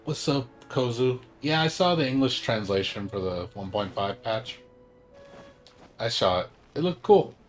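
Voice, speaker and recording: A man's voice: mid-range voice, animated, unhurried, soft background music. A young man chatting casually on a game livestream, rambling with lots of fillers, emphatic and swearing now and then. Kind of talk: casual gaming stream chat.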